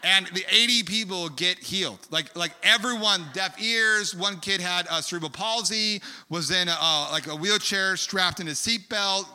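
A man from California telling a rambling, animated story in a sermon, full of fillers and asides. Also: high-pitched, normal speed, few pauses, smooth. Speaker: preacher. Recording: long hall reverb.

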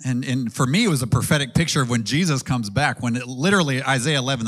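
A man in his thirties preaching a sermon in an earnest, conversational way, asking his listeners questions and pausing with ums. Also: mid-range voice.

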